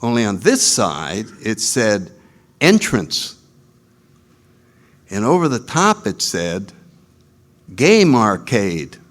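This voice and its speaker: Animated man telling a story. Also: lowish voice, unhurried, hardly any pauses. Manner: animated, laughs at his own jokes, acts out voices. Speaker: speaker at a recovery retreat. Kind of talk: storytelling talk.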